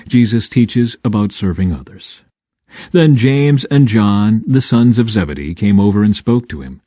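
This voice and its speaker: Male scripture reader: warm, mellow tone, dry close sound, expressive measured delivery. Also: on the low side, dry recording. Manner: expressive, measured reading with dramatic emphasis. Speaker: Bible reader. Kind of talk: scripture reading.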